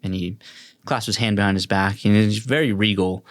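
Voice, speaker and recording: A man narrating a tabletop fantasy game as game master, describing scenes in an unhurried way. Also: on the low side, fairly even intonation, a bit bright, dry recording.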